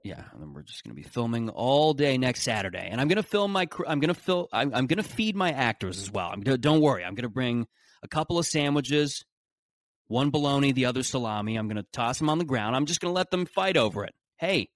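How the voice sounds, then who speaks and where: A man hosting a podcast in a casual solo monologue, speaking at a mid pitch. He rambles, jokes sarcastically and often restarts his sentences. The sound is close and dry. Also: big pitch swings, quick pace, dry recording. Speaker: podcast host.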